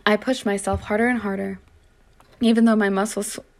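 Gravelly woman reading a story aloud. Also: mid-range voice, little pitch movement, a little fast. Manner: dramatic reading, with small slips and restarts. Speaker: reader of her own story. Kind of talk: first-person story reading.

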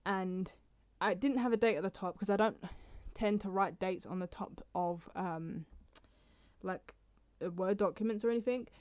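A woman's voice: mid-range voice, normal speed, darkish tone, no echo, dull audio. Rambling, chatty woman vlogger. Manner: rambling and chatty, with apologetic asides. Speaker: poetry vlogger. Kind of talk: casual vlog chat and reading her own poems.

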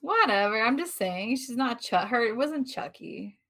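A woman's voice: fairly high pitch, very animated, moderate pace, fairly bright tone. A woman podcast co-host with a laid-back, teasing manner. She chats casually and swears in passing. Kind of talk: casual chat.

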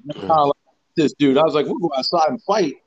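A man in his forties, a strength coach, telling rowdy gym stories full of swearing and restarts. His voice sits a little high for a man as he rambles on and leans into each punchline. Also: fast talker, lo-fi sound, slight background noise. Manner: profane, rambling, animated storyteller. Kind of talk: casual storytelling interview.

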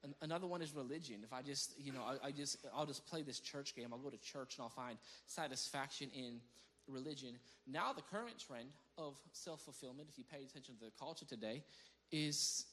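A man's voice: medium pitch, brisk. A man preaching a conversational sermon as pastor, telling stories animatedly, laughing often and restarting his phrases. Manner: animated storyteller who breaks into laughter; repeats words as he restarts phrases.

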